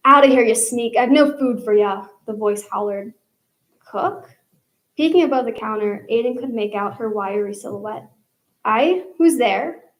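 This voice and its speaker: This student reader, a young adult woman, narrates her own fiction to a live audience and polls them by show of hands. Her pitch is fairly high and a little mellow, captured on a low-quality recording.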